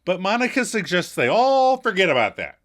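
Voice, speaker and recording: A man's voice: sits high, wildly swooping pitch, fairly quick, fairly bright tone. A man co-hosting a podcast, recapping a TV episode in casual chat, laughing often and adding wry asides. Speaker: podcast co-host.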